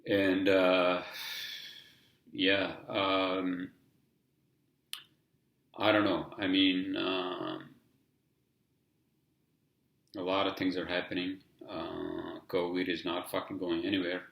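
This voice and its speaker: Deep gravelly man rambling on a podcast. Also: completely flat delivery, slow pace, long pauses, echoey room, lo-fi sound. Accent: heavy non-native English accent. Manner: rambling and profane, heavy on "you know" fillers. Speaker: podcast host. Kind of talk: casual solo podcast monologue.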